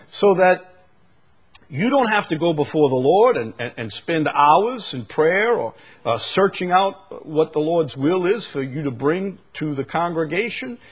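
A middle-aged male preacher giving a sermon, shifting from quiet musing to loud, emphatic outbursts. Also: on the high side, sing-song, measured pace, breathy edge.

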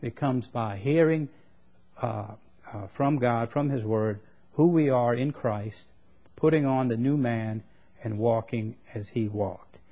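A man preaching a sermon, plain-spoken and folksy, who reads scripture in quick bursts and raises his voice for emphasis. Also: medium pitch, dark tone.

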